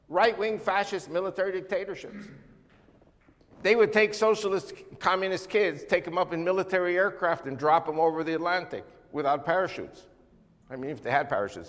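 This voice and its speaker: An older man from the United States giving an emphatic, animated church talk as a guest speaker. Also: high-pitched, a little fast, long reverb tail. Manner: emphatic, animated lecturing with sweeping lists. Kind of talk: church talk on world politics.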